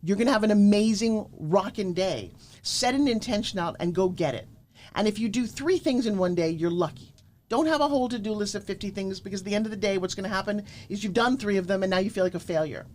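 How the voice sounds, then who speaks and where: A middle-aged woman from Florida, a guest pitch coach telling motivational stories emphatically and acting out quoted lines. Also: fast talker. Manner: emphatic, animated, acts out quotes. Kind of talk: energetic motivational storytelling.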